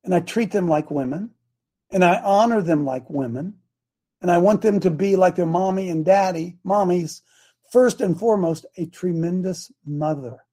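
A man's voice: high-pitched, normal speed, mellow. An older man hosting a talk show, speaking in an emphatic, fired-up, preachy way.

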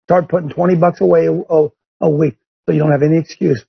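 A man's voice: on the high side, normal speed, gravelly, husky. A man preaching to a group in a folksy, emphatic way, speaking straight to his listeners. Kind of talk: sermon. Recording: dull lo-fi recording.

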